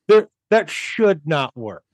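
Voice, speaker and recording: A man's voice: fairly high pitch, very animated, takes it slowly, no echo. A man co-hosting a movie podcast in casual chat, rambling with many restarts and chuckles. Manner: rambling, restarts often, chuckles while talking. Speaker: podcast co-host.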